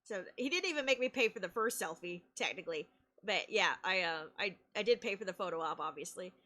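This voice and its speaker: A woman streamer telling a story in casual chat, animated and laughing often, with sudden excited shouts. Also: mid-range voice, brisk.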